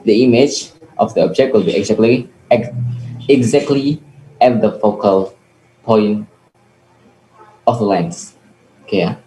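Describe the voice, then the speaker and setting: A man's voice: on the low side, warm tone. A young man with an Indonesian accent, not a native English speaker, working through a physics problem on a video call, hesitant and often correcting himself. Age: young adult. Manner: hesitant, frequent "okay" and self-corrections. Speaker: student presenter. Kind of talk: explaining physics calculations. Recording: echoey room with faint noise.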